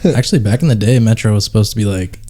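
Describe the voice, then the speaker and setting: A man's voice: fairly low pitch, very fast, dark tone. A young man co-hosting a podcast, trading playful jokes and made-up facts in a casual chat. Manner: playful, tells made-up facts, laughs often. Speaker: podcast co-host.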